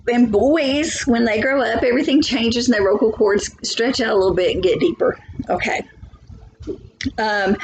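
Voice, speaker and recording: A woman's voice: on the high side, slight background noise, low-quality recording. A woman teacher giving a biology lesson from home, chatty, thinking aloud and asking for agreement.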